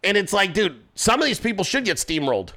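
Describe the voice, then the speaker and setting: Brash male commentary host, swearing rant, lively swooping delivery, bright forceful tone. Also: high voice, a little fast. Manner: profane, confrontational ranting; mocks people with quoted voices.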